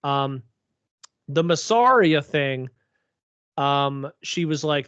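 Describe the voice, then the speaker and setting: A man's voice: mid-range voice, measured pace, a bit bright, no room sound. A man co-hosting a podcast, chatting casually about a TV episode, rambling with lots of fillers. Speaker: podcast co-host. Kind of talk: casual TV recap chat. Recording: dull lo-fi recording.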